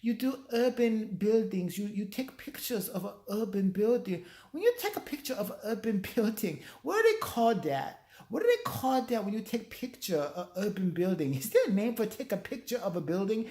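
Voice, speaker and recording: Man voicing a high-pitched, stumbling young woman interviewer, roomy sound. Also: sing-song, darkish tone. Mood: puzzled. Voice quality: high, halting and repetitive.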